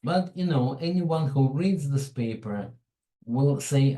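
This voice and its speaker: A man's voice: mid-range voice, lively intonation, slow, dark tone, roomy sound, rough recording. A man with a foreign accent presenting a tech webinar in a chatty, digressive way, with frequent asides. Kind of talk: informal tech webinar talk.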